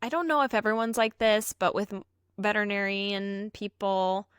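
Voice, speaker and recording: A woman's voice: mid-range voice, steady tone, moderate pace, fairly bright tone, smooth, no room sound, studio quality. A woman co-hosting a casual podcast, an emergency vet tech telling her stories in an earnest, heartfelt way.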